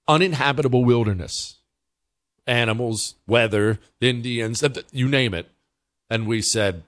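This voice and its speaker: A man's voice: medium pitch, slow pace, a bit bright, no room sound, clean studio sound. A male host giving casual, emphatic commentary, with stammered restarts.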